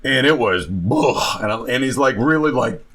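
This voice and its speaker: Blunt, lively-voiced man reviewing a film. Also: medium pitch, normal speed. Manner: blunt, opinionated, swears casually. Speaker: podcast co-host. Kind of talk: casual film review chat.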